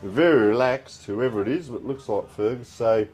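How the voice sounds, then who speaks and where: A man with an Australian accent gives relaxed, chatty live commentary of a local football match. His voice sits at an ordinary middle pitch, and he reads out the scores as the play goes on. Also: normal speed. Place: outdoor community football ground.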